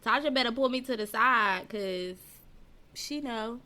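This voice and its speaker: A woman with a bright, ringing voice hosts a loose live-stream chat for her podcast. She talks straight to her viewers, reads their comments aloud and laughs often. Her delivery is animated. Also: on the high side, a little slow. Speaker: podcast host; teacher. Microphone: personal mic.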